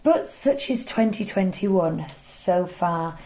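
A woman's voice: fairly low pitch, animated, slow, background noise. A woman co-hosting a live podcast, chatty and wry in casual talk. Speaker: podcast co-host. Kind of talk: casual chat.

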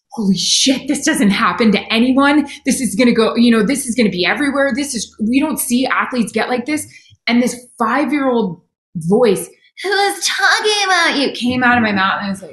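Middle-aged woman, sideline reporter, animated casual interviewee, quick restarts, roomy echo. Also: on the low side. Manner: animated, self-deprecating, quick bursts with restarts.

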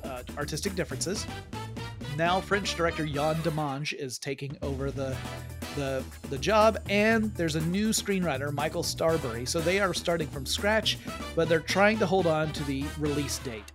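A man's voice: fairly high pitch, animated, music in the background. Upbeat man co-hosting a podcast. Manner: jokey, self-deprecating, quick asides. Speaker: podcast co-host. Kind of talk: casual chat.

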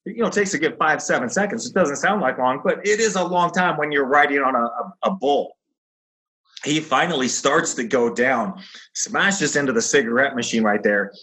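A man's voice: mid-range voice, normal speed. A middle-aged man, a former fighter, telling stories casually and acting out the voices of the people in them. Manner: animated storyteller acting out quoted voices. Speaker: guest, former pro fighter. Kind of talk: casual storytelling.

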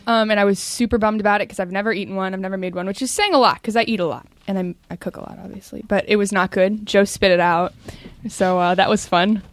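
A woman's voice: mid-range voice, fairly even intonation, fast. A woman from Kansas, a guest chef explaining her dishes in casual chat, laughing often and poking fun at herself. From Kansas, USA. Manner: laughs often, chatty and self-deprecating.

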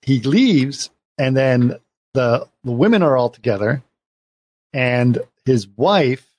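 A man's voice: mid-range voice, expressive, takes it slowly, darkish tone, dry recording. A man in a casual film discussion, animatedly retelling scenes and acting out the characters' lines.

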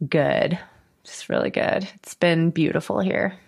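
A woman with a slightly low voice co-hosts a casual podcast with her brother. She is chatty and laughs often as she talks. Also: fairly even intonation, a little slow, gravelly, slightly rough. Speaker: podcast co-host. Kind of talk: casual chat.

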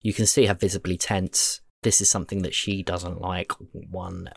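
A man from Britain narrating a tabletop game as game master, measured and descriptive. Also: sits low, little pitch movement, gravelly, slight background noise.

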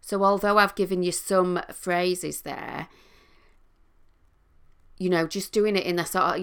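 A middle-aged woman, a coach and trained therapist, explaining listening skills in a calm, teaching manner. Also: fairly low pitch, unhurried, clean tone. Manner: calm, explanatory, with sing-song demonstrations. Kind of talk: talking to camera, teaching.

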